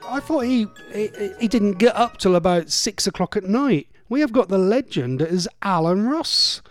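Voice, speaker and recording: A man's voice: high-pitched, lively intonation, moderate pace, soft background music. A middle-aged man hosting a radio show in casual, rambling, jokey chat. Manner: rambling, chatty, loose and jokey. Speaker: radio host.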